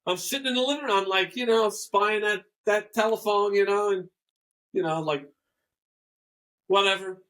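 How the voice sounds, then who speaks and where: An older man recounts his memories in a loose, rambling way and acts out the lines he quotes from others. His voice sits a little high and sounds bright and forceful. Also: moderate pace, long pauses, poor audio. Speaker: guest musician. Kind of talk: casual storytelling interview.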